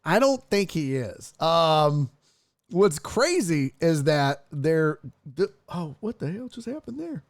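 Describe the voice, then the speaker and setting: Excitable, profane streamer guy, lively voice. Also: fairly high pitch, unhurried, slight background noise. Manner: profane, excitable, thanking donors. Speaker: streamer host. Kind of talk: casual sports stream chat.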